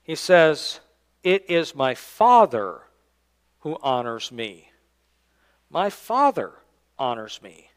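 A man, the church's pastor, preaching a sermon and reading scripture aloud, swinging between loud emphatic lines and quiet low endings. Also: very animated, slow, pauses often, clean tone. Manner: reads scripture aloud in King James wording. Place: church sanctuary.

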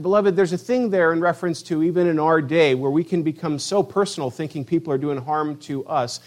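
Passionate preaching man, fairly high voice. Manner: passionate preaching, dramatic quoted voices, swings from loud to hushed. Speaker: pastor. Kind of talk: sermon.

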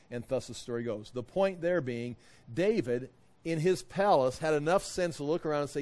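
A man's voice: medium pitch, brisk, a little mellow. A man teaching a Bible study in a folksy, conversational way, retelling scripture with modern asides and stopping to explain Hebrew words.

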